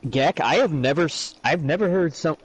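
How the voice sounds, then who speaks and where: A man co-hosts a casual livestream, teasing his friends and laughing between lines. His pitch swings widely and animatedly as he talks. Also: lively intonation, normal speed, slightly rough, low-quality recording.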